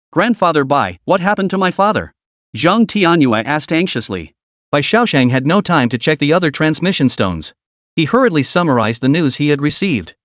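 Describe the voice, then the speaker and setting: Guy reading a fantasy recap, bouncy pitch, dead dry mic. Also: no room sound. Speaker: narrator. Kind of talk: scripted story narration.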